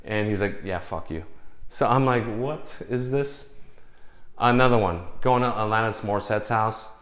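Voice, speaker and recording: A man's voice: lowish voice, normal speed, fairly bright tone, roomy sound. A man casually telling rambling, profane stories, acting out the voices of the people in them. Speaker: storyteller. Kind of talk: casual storytelling.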